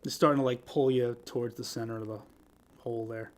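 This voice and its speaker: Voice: mid-range voice, fairly even intonation, fairly quick, a little mellow. A game master running a tabletop game, talking in a hesitant, apologetic way with many fillers. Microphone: headphones.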